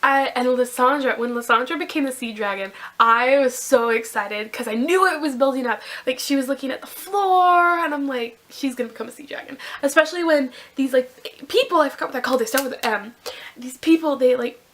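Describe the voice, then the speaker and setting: A young woman gushing through a casual book review vlog, excitable and rambling, with many restarts. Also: high voice, brisk.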